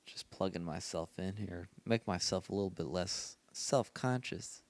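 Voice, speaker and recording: A man's voice: sits low, unhurried. A tired man hosting a casual solo podcast late at night, rambling and often laughing to himself. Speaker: podcast host.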